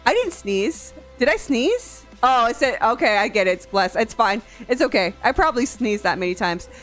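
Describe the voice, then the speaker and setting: A young woman streamer chatting casually on a live stream, animated and quick to laugh, swearing freely. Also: fairly high pitch. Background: faint music.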